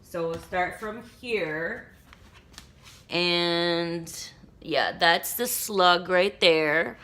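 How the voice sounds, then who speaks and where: Young woman vlogger, casual rambling chat, bright and lowish. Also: drawn-out words. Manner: chatty, rambling with many ums and likes. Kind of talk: casual haul vlog.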